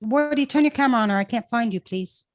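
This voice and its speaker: A woman's voice: fairly high pitch, quick pace, no room sound. A woman hosting a charity comedy night over a video call, chatting casually and gushing with laughter. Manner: bubbly, gushing, laughs often. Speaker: host and fundraiser.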